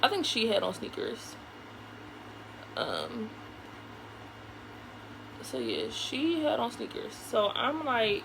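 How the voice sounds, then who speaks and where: A young woman, telling a casual, profane story in an animated way while doing her makeup at home. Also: fairly high pitch, a little slow, pauses often. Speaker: vlogger. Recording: noisy home recording.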